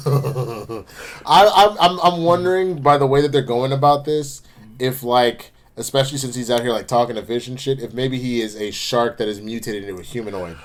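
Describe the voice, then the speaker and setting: A man's voice: mid-range voice, moderate pace. A man co-hosting a show, talking in a laid-back, teasing and profane way. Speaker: co-host of a TV episode review show. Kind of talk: casual chat.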